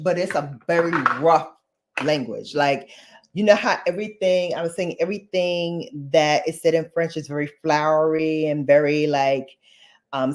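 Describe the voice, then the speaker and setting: A woman with a New York accent, chatting playfully to viewers in a casual beauty vlog while doing her makeup. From New York, Bronx. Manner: animated with sudden high pitch jumps. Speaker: beauty vlogger.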